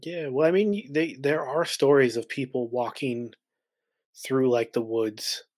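A man's voice: medium pitch, fairly even intonation, measured pace, a little mellow, dry recording, studio quality. A man hosting a podcast interview, chiming in with short affirmations and then reflecting casually. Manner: brief affirmations and laughter. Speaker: podcast host.

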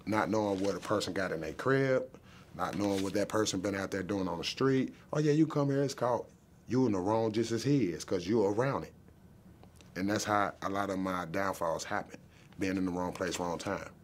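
Man, lowish voice, faint room ambience behind; plain, earnest testimonial delivery. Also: moderate pace, a little hiss or hum. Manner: plain-spoken, earnest storytelling with rhetorical questions. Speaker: program client. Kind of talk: testimonial interview.

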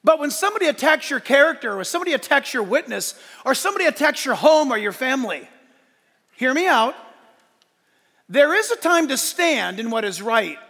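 A man as pastor delivering a sermon, animated and emphatic, swinging between shouts and soft asides. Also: very high voice, brisk. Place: church sanctuary. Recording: large hall with long reverb.

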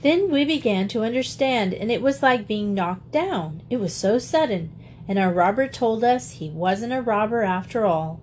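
A woman reading a classic children's story aloud, with measured, lively storytelling. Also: on the high side, slight background noise. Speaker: audiobook reader. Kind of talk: storybook narration.

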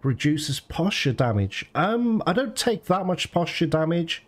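A man doing let's play commentary as host, excitable, swearing and laughing at the game. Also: a little high, a little slow. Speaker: gaming channel host. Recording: game music behind the voice.

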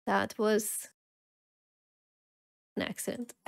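A woman's voice: on the high side, fairly even intonation, very slow, gravelly, a little mellow, husky. A woman streaming a video game live, chatting casually to her viewers and poking fun at her own mistakes. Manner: chatty, self-deprecating, talks to chat while playing. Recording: game music behind the voice.

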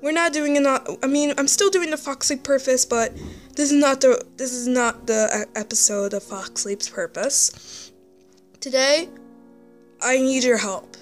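A young female vlogger speaking into her camera with a high, slow, halting delivery. She sighs and restarts sentences often. Faint music plays behind her. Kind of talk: emotional vlog to camera.

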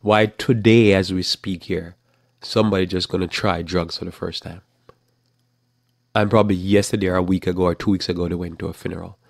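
A male preacher with a deep, gravelly voice recorded close and dry. He talks emphatically, repeats himself and restarts phrases as he drives his points home. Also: fairly even intonation, fairly quick, dry recording. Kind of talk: motivational sermon.

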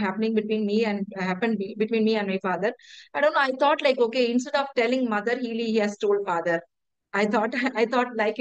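A woman's voice: a little high, clear, resonant tone, dry recording, rough recording. Earnest woman. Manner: earnest, hesitant, repeats words. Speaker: testimonial speaker. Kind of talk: personal testimonial.

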